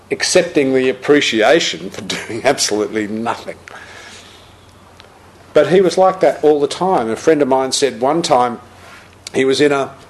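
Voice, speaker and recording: Older man, Buddhist teacher, lively storytelling, acts out voices. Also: medium pitch. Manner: animated anecdotal storyteller, acts out quotes, laughs. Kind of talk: storytelling talk.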